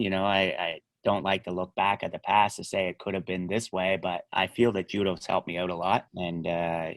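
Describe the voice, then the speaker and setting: A middle-aged man, a judo coach, chatting as a podcast guest and telling animated stories, often laughing and trailing off quietly. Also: deep voice, no echo. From Canada. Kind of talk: casual podcast chat.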